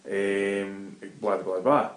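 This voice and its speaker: A middle-aged Scottish man, a guest in an interview, telling animated anecdotes in casual talk and swearing freely. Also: lowish voice, very slow. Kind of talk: casual storytelling. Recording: roomy echo.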